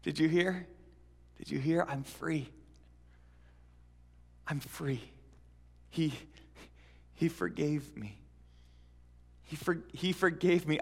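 A man's voice: medium pitch, darkish tone, breathy edge. A man voicing an overjoyed freed male servant who gushes and repeats himself, in a sermon. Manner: breathless and effusive, repeating himself. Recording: reverberant hall.

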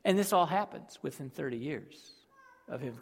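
A male pastor preaching a sermon, emotive, swinging between loud emphasis and quiet, with sighs. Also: a little high, animated, moderate pace, gravelly, husky, long reverb tail.

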